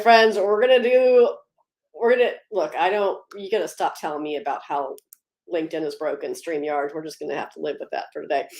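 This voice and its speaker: Upbeat woman hosting a livestream, echoey. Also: lowish voice. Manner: upbeat, greets viewers by name, laughs easily. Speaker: livestream host. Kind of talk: casual livestream chat and policy update.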